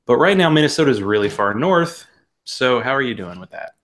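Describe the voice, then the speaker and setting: Male podcast host, middle-pitched, jokey and theatrical on the intro, then relaxed chat. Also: a little fast. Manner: jokey, animated delivery with exaggerated intro. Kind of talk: casual interview podcast.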